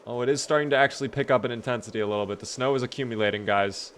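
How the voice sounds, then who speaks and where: Male streamer, mid-pitched, chatty running commentary with sudden outbursts, faint ambience behind. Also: rapid-fire, a little hiss or hum. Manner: chatty, talks to chat, bursts of excitement. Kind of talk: live game commentary.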